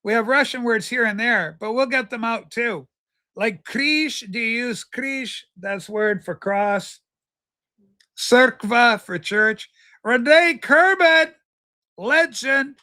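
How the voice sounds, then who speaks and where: A man with a high, bright voice hosts a casual livestream from home. He rambles and jokes, answering chatters by name. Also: takes it slowly. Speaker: livestream host. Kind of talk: casual livestream chat reading viewer comments.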